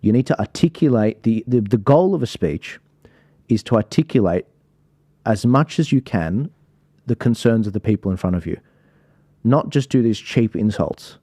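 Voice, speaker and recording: A man's voice: medium pitch, mellow, no echo, studio quality. A man hosting a livestream, commenting live with exasperated sighs and apologies to his viewers. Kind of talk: live commentary over stream.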